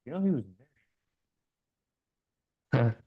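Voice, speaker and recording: A male guest in a casual conversation, giving quiet, brief replies. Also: medium pitch, expressive, takes it slowly, muffled recording.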